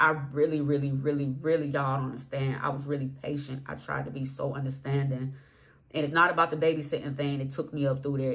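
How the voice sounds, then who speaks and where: A woman's voice: deep voice, a bit bright. A woman telling a personal story casually, with emphatic repetition and slang. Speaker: vlogger.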